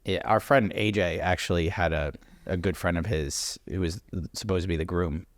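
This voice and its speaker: Low-voiced New York man, casual podcast chat. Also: moderate pace, no echo, studio quality. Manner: animated, swearing, laughing often. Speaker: podcast co-host, wedding vendor.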